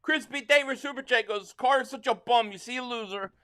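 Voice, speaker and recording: Extremely high-pitched, fairly quick and smooth, with a pushed, bright tone, this Philadelphia-area man runs a livestream reacting to football. He rambles with fan frustration while reading viewer super chats aloud.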